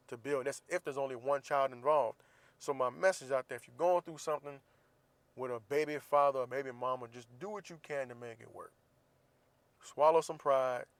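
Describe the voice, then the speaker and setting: A man's voice: mid-range voice, fairly quick, no room sound. A man in his thirties hosting a casual podcast, telling a teasing story and acting out the dialogue, then giving earnest advice. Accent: US Southern. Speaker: podcast host.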